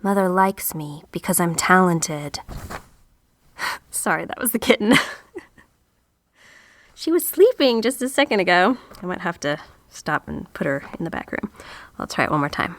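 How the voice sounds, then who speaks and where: Gravelly low woman, giggly and apologetic. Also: very animated, moderate pace, long pauses. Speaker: voice actor. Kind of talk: recording outtakes. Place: recording tent at home.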